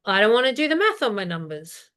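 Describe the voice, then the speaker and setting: A woman co-hosting a business live stream, practical and steady, asking questions aloud as she explains. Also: fairly high pitch, fast talker.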